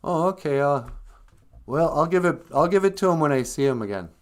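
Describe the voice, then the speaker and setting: A man voicing a naive, childlike giant yellow bird who talks in an innocent, puzzled way. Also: on the high side, expressive, brisk, pitched above the performer's own voice, natural voice.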